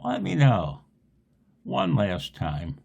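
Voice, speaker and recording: A man with a strained throat rambles through a loose radio-hobby monologue, silly and laughing often. His voice is gravelly, husky and lowish, and he talks at an unhurried, drawn-out pace. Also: huge pitch swings, darkish tone, highs cut off. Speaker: amateur radio vlogger.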